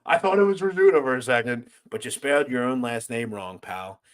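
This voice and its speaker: A man's voice: medium pitch, animated, fairly quick. A man hosting a casual livestream, reading viewer comments aloud and joking around. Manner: loose, joking, swings from loud to mumbled asides. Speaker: host.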